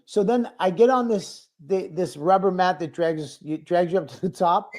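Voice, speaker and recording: A man's voice: high-pitched, normal speed, darkish tone. A male comedian telling a self-mocking story in casual, rambling talk with crude language. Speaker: comedian guest.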